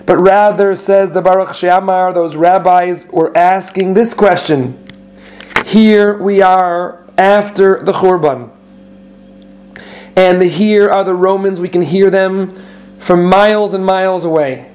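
A high-pitched man teaching a Torah class in a conversational way. He reads out passages in Hebrew and Aramaic, then explains them in English, often restarting his sentences as he goes. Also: steady tone, slow, darkish tone. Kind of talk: informal Torah lesson.

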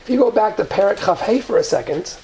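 Woman teaching Torah with a gravelly edge. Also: mid-range voice, animated, quick pace, warm tone. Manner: explains with Hebrew verses and acted quotes. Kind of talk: lecture on Genesis text.

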